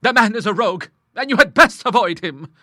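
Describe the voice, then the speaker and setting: A man's voice: sits high, animated, fairly quick, dry recording, clean studio sound, pitched above the performer's own voice, heavily acted. A man putting on a stern, grim older woman. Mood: vehement. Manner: forceful, scornful, emphatic. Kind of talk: audiobook character voice.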